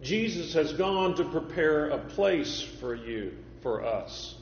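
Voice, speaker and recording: Male preacher, slightly high voice, measured repetitive sermon delivery, reverberant church hall, dull lo-fi recording. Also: lively intonation, slight background noise. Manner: measured preaching, repeats phrases for emphasis. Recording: echoey hall, dull lo-fi sound.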